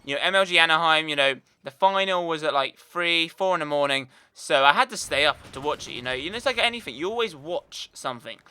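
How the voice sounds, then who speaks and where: A man's voice: on the high side, expressive, fast talker, hardly any pauses, pushed and bright, smooth. A young British man telling a rambling story in a casual gaming vlog, full of fillers. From United Kingdom. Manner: chatty, rambling, lots of fillers. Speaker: gaming YouTuber. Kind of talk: casual storytelling over gameplay.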